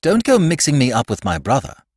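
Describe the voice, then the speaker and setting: A man's voice: medium pitch, wildly swooping pitch, a little fast, a little mellow, dry recording, clean studio sound, pitched above the performer's own voice. A man voicing a worried, evasive young man who sounds glum and agitated. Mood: defiant.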